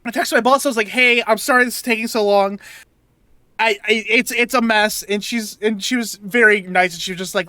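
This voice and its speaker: A man's voice: high voice, a little fast, no room sound. Man ranting through a story. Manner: animated storytelling, swears, gets louder as he vents. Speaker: podcast co-host. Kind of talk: casual chat.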